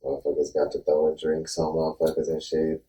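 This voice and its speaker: A man's voice: very deep voice, completely flat delivery, fairly quick, mellow. A man co-hosting a casual, profane podcast chat, chiming in with laid-back, dry remarks. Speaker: podcast co-host. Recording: roomy sound, mic at a distance.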